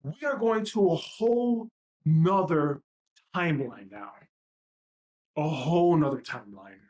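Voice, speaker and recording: A woman's voice: sits low, animated, measured pace, a little mellow. Heated, profane woman ranting. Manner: profane, heated, repetitive rhetorical questions. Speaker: livestream host. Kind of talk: impassioned livestream rant.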